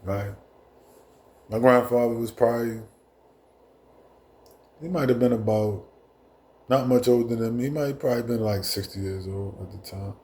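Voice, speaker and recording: A man in his fifties, a show host, telling a personal story in a casual, profane way with halting restarts. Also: mid-range voice, a little mellow, a little hiss or hum.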